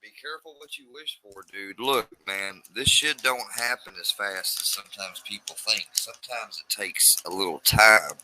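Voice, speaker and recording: A man gives mocking commentary on a livestream. His voice is bright and forceful, pitched a little low, and he argues sarcastically. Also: normal speed, few pauses, slight background noise, rough recording.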